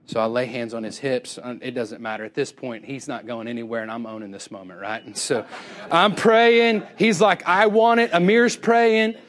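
A man preaching through a story, animated and acting out both sides of each conversation, laughing often as he tells it. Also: mid-range voice, normal speed. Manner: laughs often while telling. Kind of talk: storytelling sermon.

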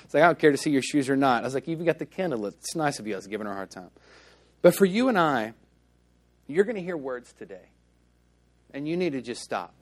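A man's voice: medium pitch, sing-song, fast talker, long pauses. A male pastor preaching a sermon in a church, telling stories in a casual, conversational way and acting out the dialogue.

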